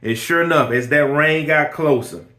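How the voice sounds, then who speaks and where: A man's voice: on the high side, normal speed, pushed and bright. A man who runs a lawn care business, giving a motivational personal talk. He speaks emphatically, often restarts and repeats phrases, and tells a story with quoted dialogue. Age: adult with kids. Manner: emphatic, repeats himself, keeps saying "listen here".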